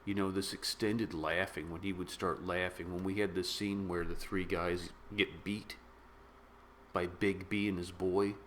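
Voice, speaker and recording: A middle-aged man reviewing a movie in a casual, rambling, excitable way, full of slang. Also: sits low, a little slow, slight background noise. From of British descent. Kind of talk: casual spoken film review.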